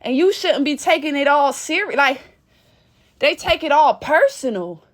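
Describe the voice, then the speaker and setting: Woman, high voice, casual vlog rant, blunt, swears freely, animated storyteller. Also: normal speed. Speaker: vlogger.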